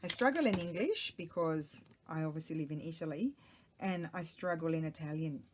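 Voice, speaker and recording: A woman's voice: low voice, lively intonation, normal speed. A middle-aged woman, chatting casually and rambling to herself while she works on a craft project at home. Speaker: craft vlogger. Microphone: small microphone.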